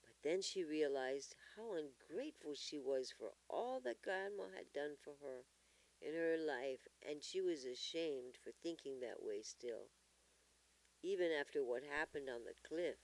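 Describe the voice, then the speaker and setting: A storyteller reading a children's story aloud in an expressive manner. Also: mid-range voice, measured pace, low-quality recording.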